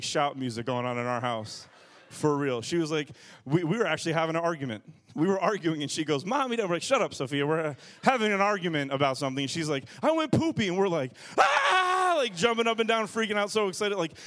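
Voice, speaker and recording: A man in his thirties, a pastor preaching a lively sermon, dropping to a hush and then shouting as he acts out everyday scenes. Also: a little high. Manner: animated preaching, shifting from hushed to shouted, acts out quotes.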